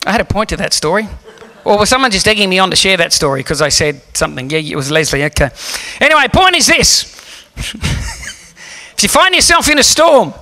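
A man preaching a sermon, telling a story in an animated, humorous way. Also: high voice, fairly quick, long pauses. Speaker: pastor.

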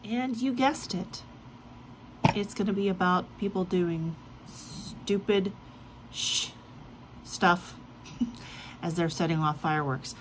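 A woman's voice: fairly low pitch, slow, pauses often, noisy background. A woman hosting a casual reaction video, chatty and joking, giggling often. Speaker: video host.

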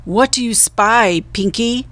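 A woman voicing a big, mean male pirate captain who growls slowly and menacingly in a storybook reading. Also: fairly high pitch, a bit bright. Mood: gruff menace.

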